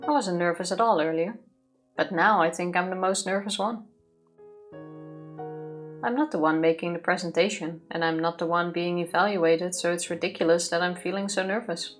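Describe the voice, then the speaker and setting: A woman reading a visual novel's narration aloud for a let's play. Her voice is somewhat low for a woman and steady, with faint music in the background. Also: moderate pace. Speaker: let's play co-host reading the game text.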